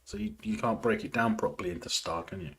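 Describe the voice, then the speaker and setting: Man, low-ish voice, watch party host, casual banter, laughs a lot. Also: fast talker, a bit bright. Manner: chatty, joking and laughing often. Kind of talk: casual live commentary while watching a film.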